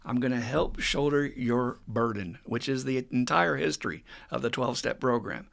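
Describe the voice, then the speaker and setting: Gravelly-voiced man, lively recovery talk. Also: medium pitch, moderate pace. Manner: animated storytelling with acted quotes and frequent laughs. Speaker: recovery counselor and podcast host. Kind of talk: casual teaching talk.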